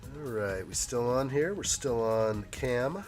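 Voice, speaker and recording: Hoarse man chatting on a live stream. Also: medium pitch, lively intonation, slow pace, soft background music. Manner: chatty and joking, reads viewer comments aloud. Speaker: live stream host building a toy set. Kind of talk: casual live stream chat.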